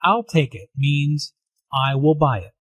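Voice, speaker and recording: A man's voice: on the high side, unhurried, a bit bright, breathy edge, dry recording. A man narrating an English lesson in a plain, instructive way and reading practice dialogue lines. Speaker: English teacher.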